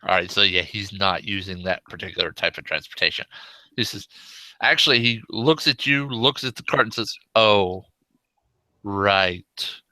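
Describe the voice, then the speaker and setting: A man narrating a tabletop game as game master, unhurried and full of fillers. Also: on the low side, fairly even intonation, sharp tone, no echo, poor audio.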